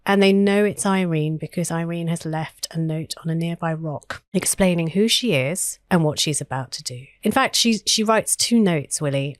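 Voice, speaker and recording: An earnest woman co-hosting a history podcast, thinking aloud with fillers and restarts. Her voice sits a little low. The sound is dry and close. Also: dry recording. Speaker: podcast co-host.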